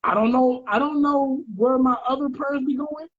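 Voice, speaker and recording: A man's voice: very high-pitched, moderate pace. A man co-hosting a casual podcast, telling stories with slang and acting out what people said. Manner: animated storyteller, acts out quotes, slangy. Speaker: podcast co-host. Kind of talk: casual storytelling chat. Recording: dull lo-fi podcast audio.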